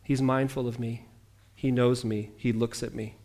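A man preaching a sermon as pastor, animated, with jokey asides and voices he mimics. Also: medium pitch, moderate pace.

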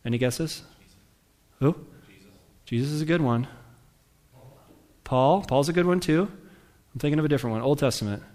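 A man's voice: a little high, moderate pace, long pauses, darkish tone. A man preaching a sermon in a conversational way, asking his congregation questions and reading scripture aloud with rising emphasis. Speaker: pastor.

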